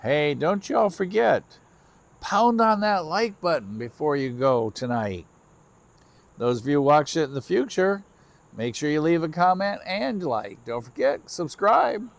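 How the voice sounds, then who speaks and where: A man's voice: on the high side, lively intonation, measured pace, gravelly. A tired middle-aged man, chatting casually to viewers of his trackside livestream at night. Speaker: railfan livestream host. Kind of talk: casual live-stream chat to viewers. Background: crickets and insects chirping.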